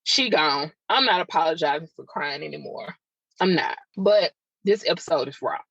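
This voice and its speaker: This podcast host's voice sits low, animated and creaky, a bit bright and slightly rough, moving at a moderate pace. She recounts a personal story rawly and emotionally, with confiding, chatty asides to listeners, over dull, dry lo-fi sound with no echo.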